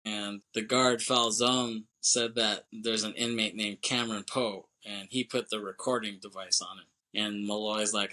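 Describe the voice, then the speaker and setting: A male podcast host recaps a film with loose, animated energy, jumping into quick impressions of the characters and laughing along the way. His voice is bright and forward. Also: on the low side. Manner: animated retelling, acts out character lines, laughs often, swears. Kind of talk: casual movie recap.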